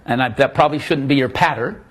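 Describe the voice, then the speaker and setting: A man's voice: mid-range voice, fast. A man presenting his own magic trick on a live sales show, joking, laughing often and telling stories. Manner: jokey, laughs often, storytelling. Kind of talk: casual live demo chat.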